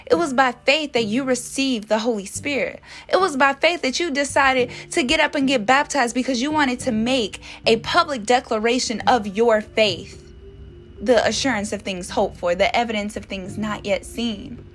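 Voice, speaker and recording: A woman's voice: a little high, moderate pace, a bit bright. A woman hosting a faith podcast, encouraging listeners in casual, slangy speech, then praying with fervent, repeated appeals. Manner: fervent, repetitive prayer cadence. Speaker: podcast host. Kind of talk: faith podcast devotional and prayer.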